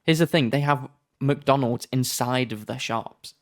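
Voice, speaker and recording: A calm young man from England tells stories on a casual podcast. His voice has a gravelly, creaky texture at a mid pitch. The sound is dry and close. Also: unhurried, no room sound. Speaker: podcast co-host. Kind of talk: casual chat.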